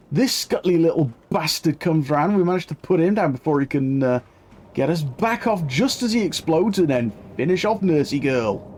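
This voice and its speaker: A man's voice: on the high side, a little mellow, a little hiss or hum. A man giving chatty live gameplay commentary as a streamer, swearing casually and talking to his chat.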